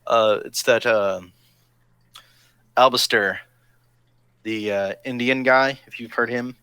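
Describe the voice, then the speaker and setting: A man's voice: mid-range voice, steady tone, slow, pushed and bright, clear, resonant tone, dry recording. A man hosting a live stream chat, talking in a rambling, digressive, cheerfully provocative way. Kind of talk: casual chat.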